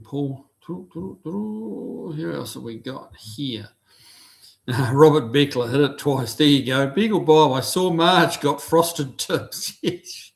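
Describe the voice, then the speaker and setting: Relaxed man hosting a live stream. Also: fairly high pitch, creaky. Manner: relaxed, rambling, reads out chat comments. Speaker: livestream host. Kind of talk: casual live-stream chat with viewers.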